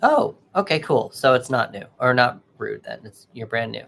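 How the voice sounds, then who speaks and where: A man hosting a tarot livestream, chatting casually and haltingly with viewers and greeting them by name. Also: medium pitch, big pitch swings, vocal fry, fairly bright tone.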